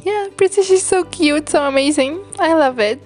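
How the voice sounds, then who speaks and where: A woman's voice: high-pitched, normal speed, darkish tone, faint music behind. A young Algerian woman with an Algerian accent, co-hosting a podcast, giggly and hesitant with many restarts. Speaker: podcast co-host. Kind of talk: casual podcast chat.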